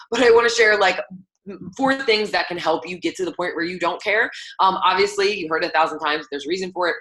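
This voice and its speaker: Fast, bright-voiced woman coaching her team. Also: on the low side. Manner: chatty, upbeat, lots of "like" and "um". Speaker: coach leading a team call. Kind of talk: motivational team call talk.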